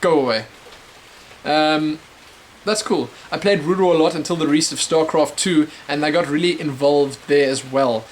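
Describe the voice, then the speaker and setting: A man's voice: a little high, normal speed, slight background noise. A young man from South Africa hosting a casual webcam show, answering viewer questions in a rambling, chatty way full of fillers and restarts. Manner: rambling, chatty, many fillers and self-corrections.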